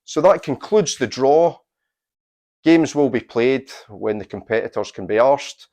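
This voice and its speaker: A man, hosting a quiz and announcing its tournament draw in a deliberate, unhurried way with dry asides. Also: mid-range voice, animated, darkish tone. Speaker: quiz host.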